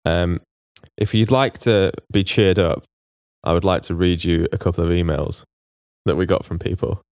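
A man's voice: low-pitched, steady tone, moderate pace, a little mellow, no room sound, clean studio sound. A man co-hosting a casual football podcast, chatting and reading out listener emails. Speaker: podcast co-host. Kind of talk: casual chat.

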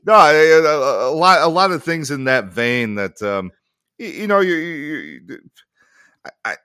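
Animated, bright-voiced man chatting. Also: on the high side, a little slow, clear, resonant tone, no room sound, clean studio sound. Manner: animated, stammering restarts, casual swearing. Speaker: podcast co-host. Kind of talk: casual chat.

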